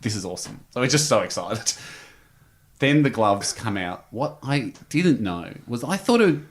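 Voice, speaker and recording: A man's voice: medium pitch, big pitch swings, unhurried. A man, a podcast guest telling a long story in casual chat and acting out the quotes as he goes. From Australia.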